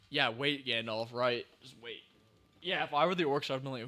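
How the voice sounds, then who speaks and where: A man's voice: medium pitch, unhurried, pauses often, bright, forceful tone. A young man hosting a podcast, reacting casually to a movie as he watches, exclaiming and talking back to the screen. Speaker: podcast host.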